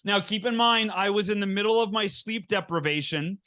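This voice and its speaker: On a close podcast mic, a middle-aged man appears as a guest, his voice high and bright and his pace a little fast. He shares a candid story with earnest energy, frequently starting sentences over and acting out the lines he quotes.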